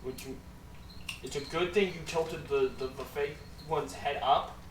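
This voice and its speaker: A man narrating as game master for a tabletop game, talking in an animated way. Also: unhurried. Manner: animated, swings from low to loud. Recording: echoey room, distant mic, background noise.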